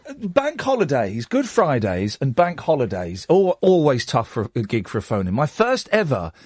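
A man's voice: medium pitch, moderate pace, husky, no echo. A man, hosting a late-night radio phone-in in a chatty, self-mocking way. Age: 40s. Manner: chatty, self-mocking, lively banter with the studio team.

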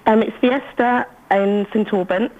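A woman's voice: medium pitch, steady tone, unhurried, a little mellow, muffled recording. A woman calling in to a radio phone-in, a shop worker, shy and hesitant with many ums.

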